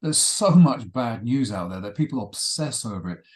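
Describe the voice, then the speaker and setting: Man, webinar co-host, measured and reflective, mid pitch. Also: animated. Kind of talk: conversational webinar talk.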